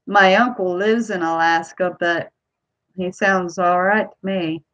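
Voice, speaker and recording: Slow-talking woman with a Kentucky accent. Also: fairly low pitch, fairly even intonation, fairly bright tone, lo-fi sound. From Ohio. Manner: chatty, rambling, unhurried. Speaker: vlogger. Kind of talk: casual chat to camera.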